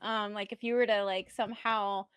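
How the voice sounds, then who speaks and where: A woman's voice: medium pitch, level tone, moderate pace, fairly bright tone, smooth, dry recording. A woman hosting a podcast interview, enthusiastic and reactive. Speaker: podcast host. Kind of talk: casual interview chat.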